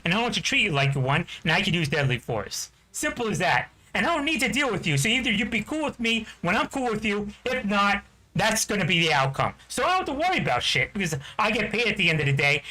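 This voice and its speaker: A high-pitched man from New Jersey tears through an angry, profane rant at a rapid clip. His bright, sharp voice presses hard, looping back to the same fillers again and again. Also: big pitch swings, low-quality recording. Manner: profane, heated, repeats "you know what I'm talking about". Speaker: game streamer. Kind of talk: angry ranting chat.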